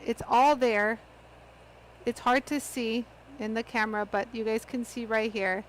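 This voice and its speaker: A woman with a high, lively voice hosts a live hands-on craft demo. She chats eagerly with her viewers and gushes as she goes. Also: unhurried, slight background noise, poor audio. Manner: chatty, excitable, talks straight to viewers. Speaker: host of a live lapidary demo. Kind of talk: live product demonstration.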